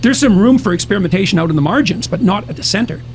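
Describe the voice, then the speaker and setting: A man's voice: sits high, expressive, very fast, a little hiss or hum. A man talking as a podcast guest, lecturing with emphasis and arguing his points. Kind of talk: podcast conversation.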